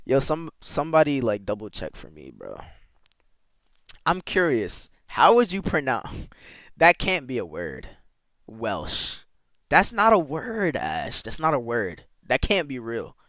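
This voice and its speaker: A man's voice: mid-range voice, wildly swooping pitch, a little slow, a bit bright, dry recording. A man streaming live, chatting casually with his viewers and playfully sounding out foreign words. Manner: talks to chat with slangy asides.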